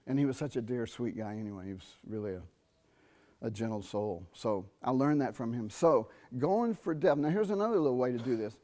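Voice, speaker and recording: Middle-aged man teaching a trumpet masterclass. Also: medium pitch. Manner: animated, sings rhythms and asks students quick questions. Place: university theatre.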